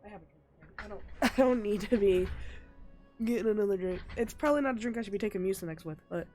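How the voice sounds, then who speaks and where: A woman's voice: medium pitch, fast talker, darkish tone, soft background music. A woman live streaming a video game with a stuffed-up nose, chatting bluntly and with lots of swearing, laughing at herself, into a desk microphone at home. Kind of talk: casual gaming stream chat.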